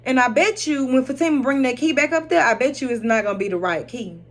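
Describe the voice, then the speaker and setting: A woman with a slightly high voice gives a casual spoken recap of a drama episode. She is animated and blunt, drops profanity freely and laughs often as she tells it. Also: quick pace.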